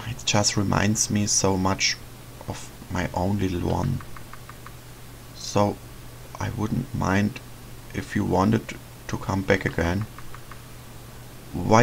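A man voicing a lonely, motherly female witch in a game, speaking softly and hesitantly. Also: lowish voice, creaky, a little hiss or hum, full character voice, poor audio. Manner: soft, motherly, hesitant, sighing. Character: lonely, gentle female forest witch, middle-aged. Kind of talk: reading game dialogue aloud in a let's play.

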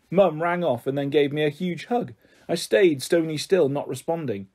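A man's voice: on the high side, normal speed, darkish tone. A man reading a children's storybook aloud, narrating expressively. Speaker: audiobook reader.

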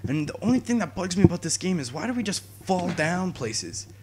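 Excitable young man narrating a game. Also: high voice, fairly quick, a little hiss or hum. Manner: excitable, jokey, talks to viewers, yells at enemies. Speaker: gaming YouTuber. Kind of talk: let's play commentary.

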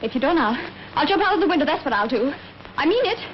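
Scared young woman, Southern drawl, high quick voice, breathless pleading, 1930s film, muffled hissy soundtrack. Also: sing-song. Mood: panicky pleading. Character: frightened young woman hiding from police. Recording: dull, faintly hissy old film soundtrack.

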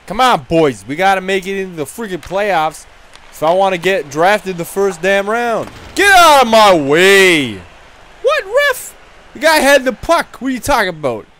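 A gaming video creator with a high, fairly bright voice plays a brash, dim-witted young hockey goon in in-character gameplay commentary. It's rowdy trash talk with frequent laughs, and a little hiss or hum can be heard.

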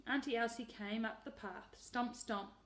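Woman teacher, storybook reader, fairly high, expressive, echoey room. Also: a little slow. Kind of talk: reading a picture book aloud. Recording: roomy echo.

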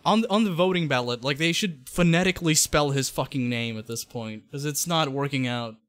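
A man with a fairly high voice hosts a loose podcast chat, rambling through clips with plenty of restarts and casual swearing. He is close to the mic in a dry, dead room. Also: brisk, fairly bright tone, dry recording. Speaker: podcast host presenting clips.

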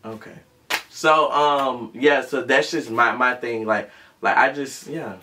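A man's voice: medium pitch, slow, bright, forceful tone, a little hiss or hum. A man co-hosting a casual chat, rambling and circling back with many fillers. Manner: rambling, lots of fillers and restarts. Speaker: co-host.

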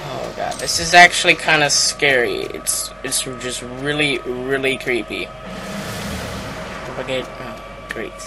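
A young man giving casual, rambling commentary on a shooter game, mocking himself and loudly taunting the enemies. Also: medium pitch, a little slow, noisy background. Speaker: gaming YouTuber. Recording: game music playing behind the voice.

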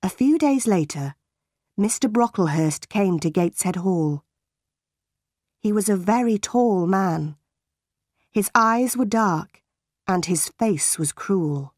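A woman narrating a simplified storybook for English learners, reading clearly and carefully. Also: fairly low pitch, darkish tone, no echo, clean studio sound. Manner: slow, clear and carefully paced.

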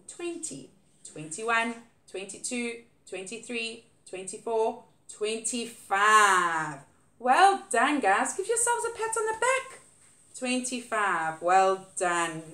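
Sing-song woman teaching small children. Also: high voice. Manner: sing-song, animated, encouraging. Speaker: early-years teacher. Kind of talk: online lesson for young children. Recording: echoey room.

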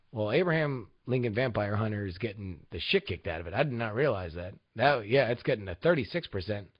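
A young man rambles through casual host commentary, swearing freely and turning sarcastic. His pitch swings up and down with lively energy. The recording is dull and lo-fi. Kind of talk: casual talk-show commentary.

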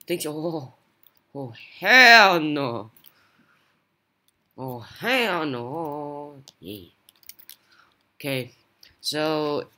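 Very low-voiced, bright, excitable woman gamer. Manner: excitable, blurting exclamations. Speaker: gaming YouTuber. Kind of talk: casual gameplay commentary.

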